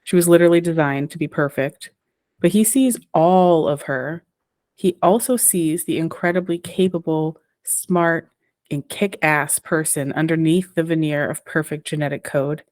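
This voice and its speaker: A woman co-hosts a podcast in a low voice. She talks about things in an analytical, enthusiastic way. The mic sounds close and dry. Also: moderate pace, a little mellow, no echo. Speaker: podcast co-host. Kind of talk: casual podcast chat.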